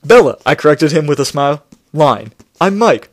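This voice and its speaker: A man's voice: a little high, lively intonation, normal speed, no echo. A man reading a novel aloud and mocking it with sarcastic commentary, laughing often between lines. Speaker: book reader and commentator. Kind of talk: sarcastic read-along commentary.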